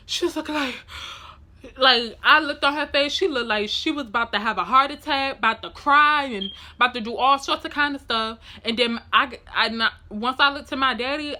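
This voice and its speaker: A young woman, telling a personal story in an animated, demonstrative way. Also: on the high side. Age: young adult. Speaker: vlogger. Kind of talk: emotional storytime.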